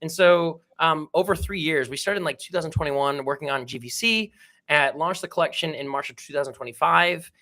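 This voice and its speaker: An enthusiastic male guest talks in a loose, slangy, upbeat way on a casual livestream. His voice is bright and a little high. He comes across as eager throughout. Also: a little fast. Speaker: guest, project founder.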